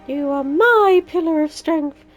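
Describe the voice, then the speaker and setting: A Yorkshire woman putting on a higher voice to read a grieving young woman leader's lines in a mock-solemn way. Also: unhurried, faint music behind. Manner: mock-solemn, archaic-sounding reading.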